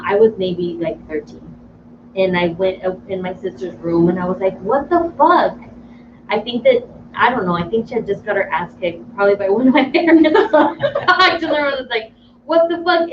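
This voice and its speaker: A woman in her thirties co-hosting a radio chat show, telling family stories with laughs and casual swearing. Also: mid-range voice. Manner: laughing storyteller, swears freely. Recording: muffled distant mic with faint hiss.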